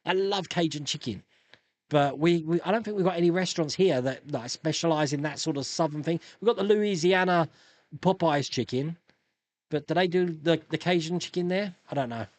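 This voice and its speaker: A man's voice: on the high side, normal speed, no echo. A man in his fifties from England, hosting a casual live stream, chatting and reading out viewer comments with frequent laughs. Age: 50s. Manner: chatty, animated, laughs often.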